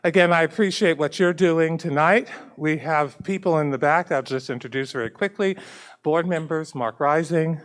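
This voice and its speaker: A man's voice: fairly high pitch, moderate pace. A school superintendent, a man, giving earnest opening remarks at a public committee meeting and repeating key points for emphasis.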